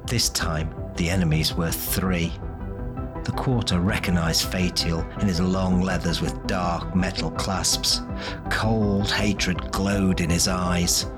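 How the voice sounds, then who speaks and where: A man narrating a fantasy audiobook in a measured, descriptive way. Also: low-pitched, fairly even intonation. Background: faint music.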